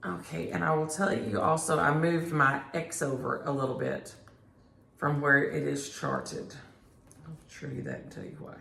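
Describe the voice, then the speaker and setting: A woman's voice: low voice, normal speed, gravelly, fairly bright tone, slight background noise. A middle-aged woman in casual chat about her stitching at home, rambling from one thought to the next. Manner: rambling, chatty, talks to her cats between thoughts. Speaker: cross-stitch vlogger. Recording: echoey room.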